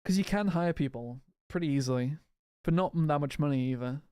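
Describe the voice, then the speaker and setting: A man's voice: fairly high pitch, a little fast, mellow, clear, resonant tone, no echo, clean studio sound. Rambling man chatting over gameplay. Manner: rambling, answers chat, restarts often. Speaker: gaming video creator. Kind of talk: casual live gameplay chat.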